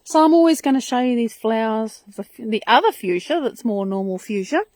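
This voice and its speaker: A woman's voice: on the high side, expressive, brisk, a little mellow, dry recording. A woman hosting a casual live stream from her front garden outdoors, chatting in a rambling, enthusiastic way into a handheld phone.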